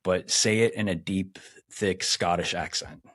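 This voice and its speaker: Brief: male podcast co-host, very deep voice, halting and casual. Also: a bit bright, slightly rough, dry recording, studio quality. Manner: rambling, halting questions with restarts. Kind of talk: casual chat.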